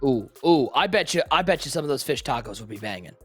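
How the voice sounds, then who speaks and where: A live-stream co-host rambles through casual chat, their voice leaping up and dropping back in an animated, loose way. They sit at a mid pitch and jump between bursts of excitement and quiet asides. Faint music runs in the background. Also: fast, slightly rough.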